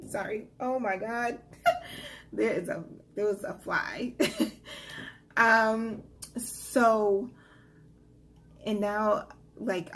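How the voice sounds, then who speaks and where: A young woman telling a personal story in a casual vlog, chatty and animated, with many fillers. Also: medium pitch, slight background noise. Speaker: vlogger.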